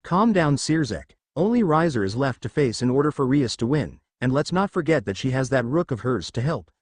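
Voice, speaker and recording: A man's voice: mid-range voice, sing-song, brisk, dry recording. A man voicing a cheerful young female demon ruler in a read-aloud fan story, with an upbeat delivery.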